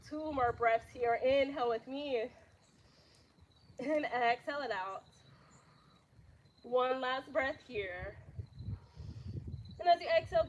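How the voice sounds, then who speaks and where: A young woman yoga instructor, slightly out of breath, giving calm breathing cues with casual slang asides. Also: high-pitched, muffled recording, a little hiss or hum. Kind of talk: live yoga class instruction.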